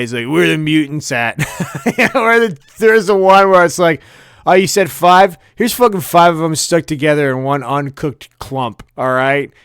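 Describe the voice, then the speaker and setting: Young dude cussing and cracking up on a podcast, smooth voice, kinda high. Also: male voice, dry recording, studio quality. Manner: profane, animated storytelling with laughs and acted-out quotes. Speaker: podcast co-host. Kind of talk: casual comedic rant.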